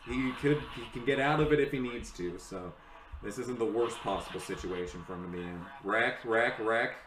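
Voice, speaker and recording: A young man giving live reaction commentary to a race, excitable and swearing, yelling at the screen. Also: fairly low pitch, a little fast, echoey room, poor audio.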